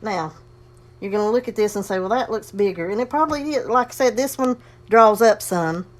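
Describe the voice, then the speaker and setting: Host, woman, casual crafting tutorial, folksy and talkative, mid-pitched, slightly heavy breathing. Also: a little fast. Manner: chatty, folksy, talks herself through the steps. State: breathing heavily. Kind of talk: casual sewing demonstration.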